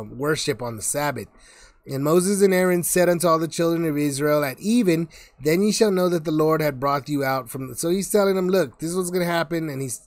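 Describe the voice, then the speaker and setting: A man with a slightly high voice teaching a relaxed Bible study. He reads a passage and then talks it through in everyday words, stumbling and restarting with plenty of "uh"s and "you know"s. The sound is dry and close, with no room echo. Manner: reads scripture aloud, then explains it in plain, halting words with many fillers. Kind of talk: casual Bible study talk. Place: United States.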